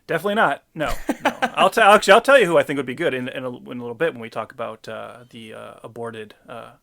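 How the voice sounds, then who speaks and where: A man's voice: mid-range voice, fast talker, creaky, bright, forceful tone. A man co-hosting a podcast, chatting casually and with opinions about an old film, cracking dry jokes. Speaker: podcast co-host.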